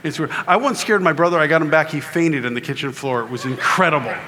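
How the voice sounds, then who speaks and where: This is a middle-aged man speaking onstage at a faith conference, his voice pitched a little high. He tells stories with comic timing and jumps into acted-out voices. Faint noise from the live room sits under him. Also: quick pace. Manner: animated storyteller who acts out voices. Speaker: keynote speaker. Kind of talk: humorous faith talk to a live audience. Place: conference hall in Louisiana.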